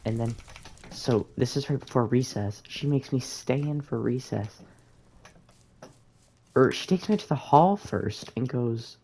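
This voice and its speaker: Young man, gravelly voice, slow rambling storytime, casual slang, laid-back. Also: fairly low pitch, darkish tone, slight background noise. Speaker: gaming storyteller. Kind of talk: casual storytime narration over gameplay.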